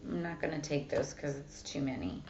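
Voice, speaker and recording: A woman's voice: sits low, moderate pace, darkish tone, slight background noise. A woman giving a casual tarot reading who swears freely, reads card texts aloud and fills her talk with "like" and "um". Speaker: tarot reader. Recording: echoey room, dull lo-fi sound.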